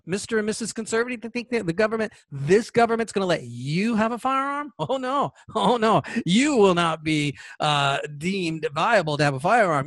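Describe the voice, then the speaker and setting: Indignant podcast host, higher man's voice. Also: a bit bright, no room sound. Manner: emphatic, indignant, reading legal text aloud. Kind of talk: political commentary podcast.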